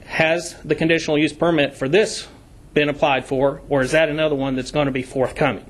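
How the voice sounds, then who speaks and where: Man speaking at a public meeting, deliberate and emphatic, citing regulations. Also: on the high side, level tone. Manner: deliberate, emphatic, stresses key words. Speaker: public commenter at county meeting. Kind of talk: formal public comment, reading code sections. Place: county commission meeting room.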